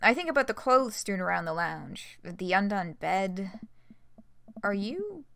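Lively, bright-voiced woman streamer. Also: mid-range voice, a little slow, creaky, a little hiss or hum. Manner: excitable, swearing, laughs often. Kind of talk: gameplay commentary.

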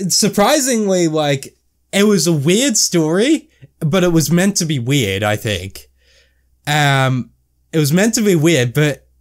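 A young man commentating a video game, who reads the inner thoughts in choppy broken grammar and swears casually while joking. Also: mid-range voice. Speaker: gamer playing and reading a game. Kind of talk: let's play commentary.

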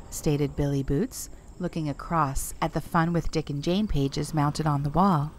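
A woman narrating a storybook in a gentle, measured way. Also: low-pitched, steady tone.

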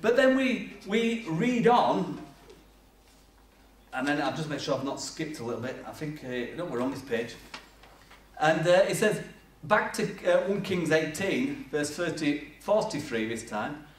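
In a church hall, a man preaches a sermon full of humorous stories, acting out different voices as he goes. His voice is on the high side and unhurried. The recording sounds echoey and distant, with a little hiss or hum.

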